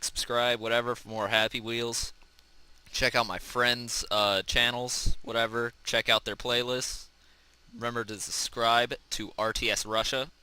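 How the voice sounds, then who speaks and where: A young man hosting a casual let's-play, goofing around and yelling in panic when his character crashes. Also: fairly low pitch, clean tone, rough recording. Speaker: gaming channel host.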